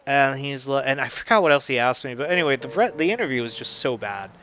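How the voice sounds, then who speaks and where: A man's voice: mid-range voice, expressive, fast, sharp tone, slight background noise. A man in his thirties casually telling a rambling story while playing a game, full of fillers and quoted dialogue, on a close desk mic. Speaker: gaming video host.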